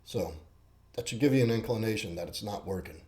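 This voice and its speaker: A man's voice: fairly low pitch, animated, a little fast, darkish tone. A man hosting his own self-help video, talking bluntly and coaching the viewer, often repeating words for emphasis. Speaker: host. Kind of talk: self-help talk to camera.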